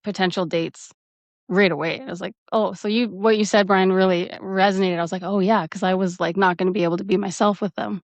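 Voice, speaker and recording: A woman's voice: medium pitch, steady tone, fast talker, no echo. A woman co-hosting a podcast, speaking in a reflective, earnest way. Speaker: podcast co-host. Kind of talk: casual chat. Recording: dull lo-fi audio.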